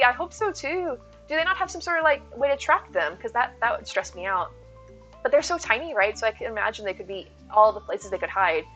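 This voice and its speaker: A woman's voice: fairly high pitch, a bit bright, low-quality recording. A woman in her thirties streaming live, chatting in a rambling way, reading her chat aloud and thanking viewers.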